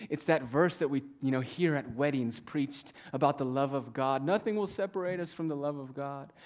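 A male pastor with a mid-range voice preaches to a congregation in church. He reads scripture with slow, stressed pauses, swinging between loud emphasis and hushed near-whispers.

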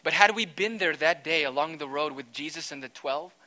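A man preaching a sermon, conversational and animated, swinging between loud and quiet with dramatic asides. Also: a little high, fairly quick, rough recording. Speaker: pastor.

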